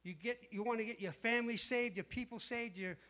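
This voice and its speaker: A man preaching a sermon in an animated way, dropping to a hush when he quotes the tempters. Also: very high voice, brisk. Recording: dull lo-fi sound.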